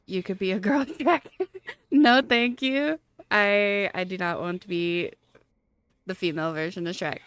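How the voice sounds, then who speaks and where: A woman's voice: medium pitch, measured pace, smooth, no echo. A woman streaming a game live, chatting casually and thinking aloud, with many fillers and small laughs. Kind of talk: casual live-stream chat while gaming.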